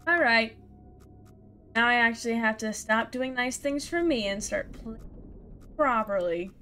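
Faint music plays behind a let's play gamer whose fairly high voice is bright and forceful, at a measured pace. As she plays a video game, she talks to herself with casual self-mockery, laughing and groaning, with exasperated sighs and outbursts at the game.

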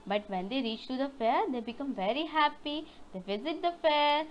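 A woman's voice: high-pitched, lo-fi sound. A woman teaching young children online, retelling a story and asking them questions. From India. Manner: slow storytelling with questions to kids.

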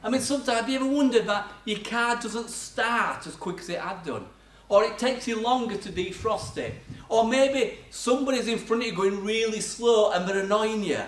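A church hall hosts an older man's sermon, full of chatty personal stories and laughs poking fun at himself. His voice sits high with a fairly bright tone at normal speed, and the echoey recording sounds far away.

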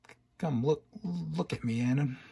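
A man voicing a nightmarish false female pony who pleads softly and hesitantly, with stammers, in a raised, husky voice. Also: on the high side, normal speed, voice pushed up, full character voice. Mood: pleading.

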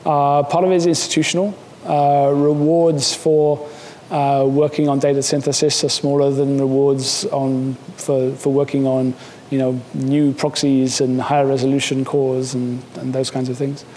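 Man, seminar speaker, chatty and wry, restarts a lot; roomy lecture-hall sound, faint rumble. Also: flat delivery, moderate pace, few pauses, warm tone. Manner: casual, joking, many fillers and restarts. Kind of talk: academic seminar talk.

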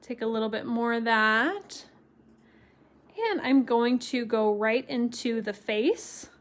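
A woman leads a live-streamed watercolor tutorial at a slow, unhurried pace. Her voice sits a little high, and her delivery is chatty and encouraging as she talks viewers through each step. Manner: chatty and encouraging, reads viewer comments aloud and laughs often. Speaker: watercolor stamping instructor.

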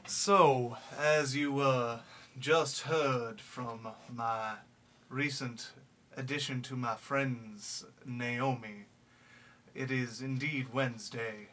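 A young man vlogging in a put-on gentlemanly Southern accent, speaking slowly and formally with many hesitant pauses from a small practice room. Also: mid-range voice, fairly even intonation. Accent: put-on gentlemanly American Southern. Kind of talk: casual video diary. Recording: distant mic with faint background noise.

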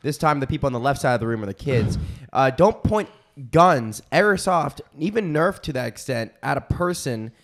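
A man's voice: mid-range voice, expressive, normal speed, a bit bright. A man in his twenties, co-hosting a casual podcast chat, complaining bluntly about his roommates. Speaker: podcast co-host.

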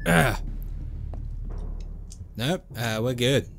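A man's voice: medium pitch, extremely slow, creaky, a bit bright, a little hiss or hum. A man commentating his playthrough of a game, joking, swearing and doing silly voices. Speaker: gaming channel host. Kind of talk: let's play commentary.

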